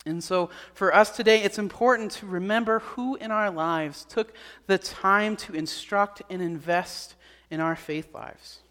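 A man's voice: high-pitched, a bit bright. A man preaching a sermon as pastor, earnest and repeating his key points. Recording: long hall reverb.

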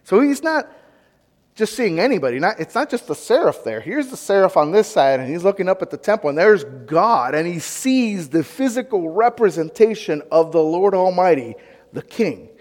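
A man giving an interactive sermon, conversational and animated, asking his audience questions and wandering into asides. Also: sits high, normal speed, in a large hall. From United States. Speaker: pastor or Bible teacher.

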